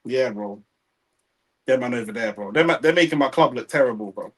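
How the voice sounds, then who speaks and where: A man's voice: mid-range voice, animated, brisk, poor audio. A young man with a London accent, co-hosting a live stream in casual banter, reading viewer chat and dropping slang like bro and innit. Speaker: watchalong co-host.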